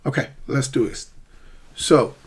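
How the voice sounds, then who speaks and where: A man teaching an online English pronunciation lesson, drilling words slowly and often checking in with the learner. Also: medium pitch, breathy edge.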